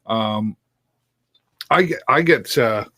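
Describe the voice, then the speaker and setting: A man's voice: medium pitch, animated, slow pace, bright, forceful tone, dry recording, clean studio sound. A man hosting a live stream, chatting casually with a lot of fillers and restarts. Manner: rambling, many fillers and restarts. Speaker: live-stream host and sports commentator. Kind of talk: casual chat.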